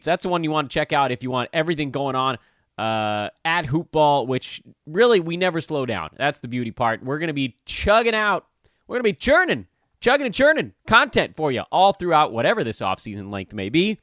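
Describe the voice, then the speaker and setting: A man hosting a fantasy sports podcast alone, talking in a lively, rambling, jokey way. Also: mid-range voice, no echo, clean studio sound. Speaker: podcast host. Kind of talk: casual solo podcast talk.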